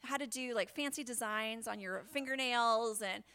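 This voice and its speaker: A woman preaching a sermon, animated and chatty, often dropping to a whisper and laughing. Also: fairly high pitch, normal speed, clear, resonant tone.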